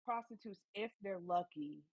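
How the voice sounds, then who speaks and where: A woman's voice: mid-range voice, moderate pace, breathy edge, highs cut off. A woman co-hosting a podcast, giving blunt opinions in slangy casual chat with lots of fillers. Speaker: podcast co-host.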